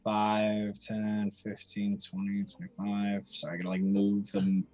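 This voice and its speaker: Low, slow man counting moves aloud. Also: completely flat delivery, dark tone, faint music behind. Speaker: player. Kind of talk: tabletop game play.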